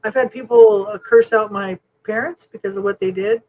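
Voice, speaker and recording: A woman's voice: medium pitch, moderate pace, muffled recording. Chatty woman podcast host. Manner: emotional, animated storytelling with quoted voices. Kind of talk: casual chat.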